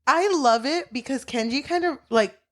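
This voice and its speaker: A young woman co-hosting a casual book podcast, animated and laughing often as she retells scenes. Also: high voice, normal speed. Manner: animated, laughs often, acts out characters' lines. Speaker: podcast co-host.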